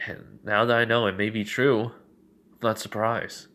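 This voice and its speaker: A man's voice: lowish voice, little pitch movement, unhurried, sharp tone. A young man casually narrating a fan story, rambling with many fillers and self-corrections.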